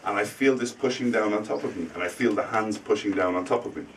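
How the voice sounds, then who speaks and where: Deep-ish guy spinning a spooky tale to students, gets quiet for suspense, far mic with faint hiss. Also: fast. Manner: dramatic, drops to a hush for suspense. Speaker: storyteller for language students. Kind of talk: live spooky storytelling. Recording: distant mic, faint room noise.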